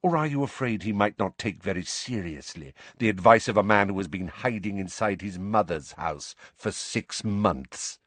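A man's voice: lowish voice, animated, dry recording. A man doing Snape, a silky sneering teacher. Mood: soft menacing. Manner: silky, sneering, slow and soft. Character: cold, sneering, silky male potions teacher.

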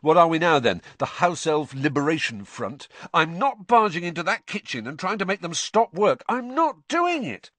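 A man voicing a wry teenage boy, teasing and grumbling, a little higher than his own voice. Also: sing-song, moderate pace, hardly any pauses, a bit bright, no echo.

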